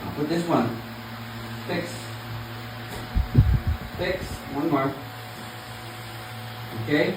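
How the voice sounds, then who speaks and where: Gentle but firm mother, echoey room. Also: sits low. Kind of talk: home vlog talking to her child. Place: living room at home. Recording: echoey room, far from mic, background noise.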